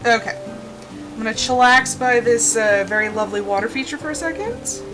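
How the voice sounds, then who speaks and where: A woman's voice: on the high side, lively intonation, brisk. A young woman streaming a game, chatting casually and animatedly, laughing often and acting out her own reactions. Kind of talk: casual gameplay chat. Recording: game music behind the voice.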